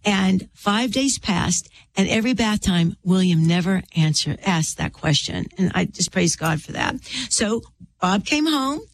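A woman's voice: medium pitch, animated, a little slow. A woman in her fifties, an author interviewed as a guest, telling a personal faith testimony in an earnest, storytelling way. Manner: earnest storyteller who acts out quoted voices.

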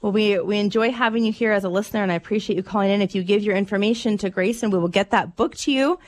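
A woman hosting a call-in radio show, chatting with callers and telling animated stories. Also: medium pitch, quick pace.

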